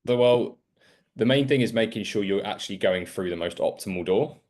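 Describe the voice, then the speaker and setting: A man with a very low voice coaching a student on a call. He is frank and direct, and he chains his advice into long run-on explanations. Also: a little fast, a little mellow. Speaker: sales coach.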